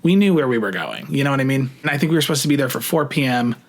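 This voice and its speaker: A young adult man casually telling a story to camera, chatty and profane, full of "like" fillers, rushing some phrases and drawing out others. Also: medium pitch, expressive, vocal fry. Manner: shifts between rushed and drawn-out phrasing. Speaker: vlogger.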